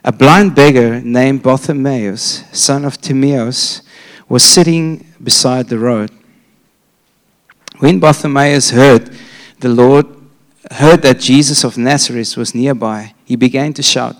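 A man preaching a sermon to a church congregation, retelling a story with animated energy and frequent restarts. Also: mid-range voice, takes it slowly.

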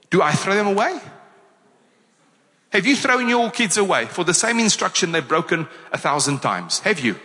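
A man with a South African accent preaching a sermon to his congregation, energetic and full of rhetorical questions. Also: sits high, long reverb tail. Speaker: pastor. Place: church hall.

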